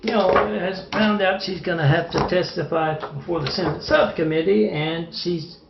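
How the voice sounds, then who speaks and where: Gravelly man rambling in an echoey room. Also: high voice, background noise. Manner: rambling, agitated, halting with many fillers. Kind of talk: rambling monologue. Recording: echoey, muffled lo-fi room recording.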